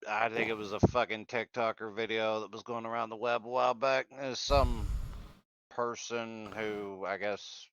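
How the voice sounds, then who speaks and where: Casual podcast dude, blunt and sweary, lots of "like" and "you know", dry close sound. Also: male voice, fairly low pitch, fairly even intonation, moderate pace, a bit bright, clean tone, dry recording, lo-fi sound. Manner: blunt, profane, rambling with many fillers. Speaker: podcast co-host. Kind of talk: casual chat.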